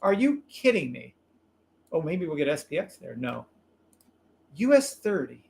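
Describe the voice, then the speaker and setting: Brief: male livestream trading host, high voice, excitable and profane, shouts his calls. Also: unhurried, vocal fry. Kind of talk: live trading stream commentary.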